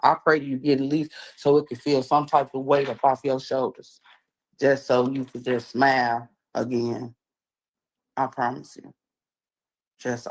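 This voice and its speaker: A man with a Chicago accent talks straight to his viewers. He is earnest and blunt, pleading with them in a mid-pitched, everyday voice. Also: creaky, breathy edge, poor audio. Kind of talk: livestream talk.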